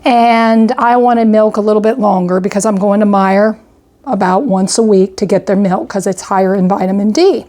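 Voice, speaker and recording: Chatty and slightly winded, this older woman, a homestead vlogger, lists her grocery purchases one by one, leaning on phrases like "I got" and "went ahead." She speaks at normal speed with a mellow, medium-pitched voice and fairly even intonation.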